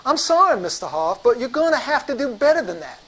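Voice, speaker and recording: A man playing an irritated, imposing male doctor who lectures slowly and sternly. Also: extremely high pitch, sing-song, a bit bright, pitched above the performer's own voice, heavily acted, rough recording. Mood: dismissive.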